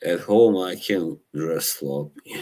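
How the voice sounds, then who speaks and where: A man's voice: deep voice, slow pace, warm tone. A man hosting a live stream, chatting casually with viewers, rambling and laughing often at his own stories while searching for words. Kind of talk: casual chat reacting to live chat.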